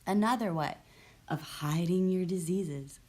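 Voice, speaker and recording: A woman's voice: lowish voice, a little slow, darkish tone. A young adult woman hosting her own vlog, talking candidly and with sarcasm, with frequent restarts. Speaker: vlog host. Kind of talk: casual talk to camera. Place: lives in the US South.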